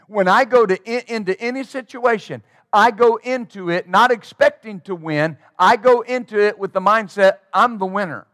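A man's voice: sits high, normal speed, hardly any pauses, a bit bright, no echo, studio quality. A man preaching a sermon as pastor, emphatic and rhythmic, drawing call-and-response from his congregation.

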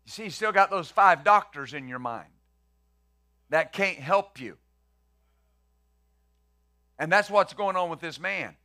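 A man's voice: sits high, animated, unhurried, pauses often, pushed and bright. A male pastor preaching a conversational sermon, acting out the quotes he reads and the questions he poses.

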